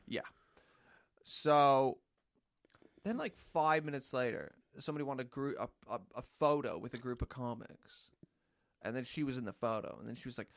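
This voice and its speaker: A man's voice: medium pitch, moderate pace, vocal fry, no room sound, clean studio sound. A man co-hosting a podcast, telling an indignant story in casual chat. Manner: animated, indignant anecdote telling. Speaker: podcast co-host.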